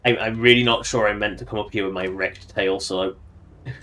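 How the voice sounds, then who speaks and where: A man's voice: on the low side, steady tone, brisk, sharp tone. A man giving casual, joking commentary while livestreaming a game and talking to its characters. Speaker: streamer.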